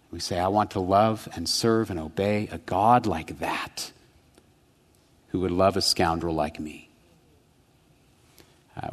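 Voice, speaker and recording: A man preaching a sermon, telling a childhood story, swinging from hushed, slow reflection to quick, animated retelling. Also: on the low side. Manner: storytelling, rising to animated intensity then dropping soft. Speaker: pastor. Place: church sanctuary. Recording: long church reverb.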